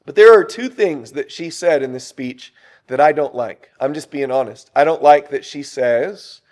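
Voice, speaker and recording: A man preaching a sermon, lively and full of rhetorical questions to the congregation. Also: fairly high pitch, normal speed.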